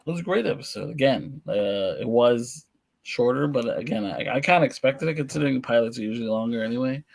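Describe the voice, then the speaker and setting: A man's voice: medium pitch, animated, fairly quick, vocal fry. A man co-hosting a casual podcast chat, speaking hesitantly and restarting often. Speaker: podcast co-host.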